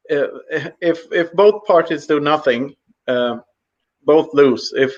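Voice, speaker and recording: A man in his forties with a Swedish accent, a podcast guest in casual chat, halting and full of fillers, quick to laugh. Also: a little high. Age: 40s. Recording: muffled lo-fi audio.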